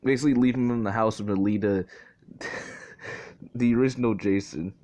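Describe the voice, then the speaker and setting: A man's voice: lowish voice, steady tone, moderate pace, a little mellow. A young man casually improvising a fan-fiction story, rambling, swearing a lot and constantly correcting himself. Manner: rambling, profane, self-correcting.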